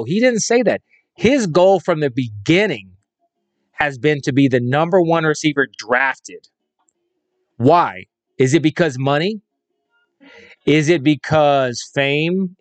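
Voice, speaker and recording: A man's voice: mid-range voice, no room sound. A man hosting a solo fantasy football show, speaking with emphatic, repetitive conviction. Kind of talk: opinionated solo commentary.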